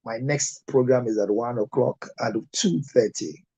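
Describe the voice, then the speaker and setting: A Ghanaian man, a pastor and TV counselor, closing his show with blessings and slow, repeated product adverts. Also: medium pitch, warm tone, husky, rough recording. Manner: preacherly, repeats phone numbers slowly.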